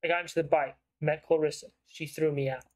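A man's voice: on the high side, steady tone, fast, darkish tone, close to an everyday voice. A man voicing a weary, guarded raccoon private detective in a story game, in a plain, terse read.

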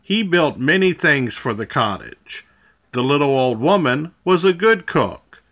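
A man narrating a children's storybook aloud with a measured, clear reading. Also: fairly high pitch, lively intonation, fairly bright tone.

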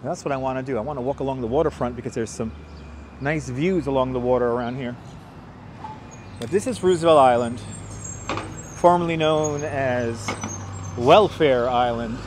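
A man's voice: medium pitch, moderate pace, pauses often, a little hiss or hum. A man from New York hosting a live stream while walking outdoors, greeting viewers one by one in a casual, upbeat way on a clip-on mic. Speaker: live-stream host walking a city tour. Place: outdoors on city streets by a river. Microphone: wireless clip-on mic.

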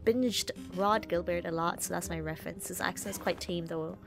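A woman's voice: lowish voice, moderate pace, vocal fry, music in the background. A young woman chatting casually while streaming a game, rambling and sweary, with lots of restarts.

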